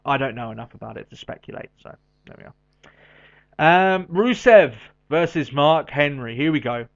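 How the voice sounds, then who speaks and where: A man co-hosting a podcast in casual chat, animated and quick with asides and frequent laughs. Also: a little high, gravelly. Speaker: podcast co-host. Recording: dull lo-fi audio.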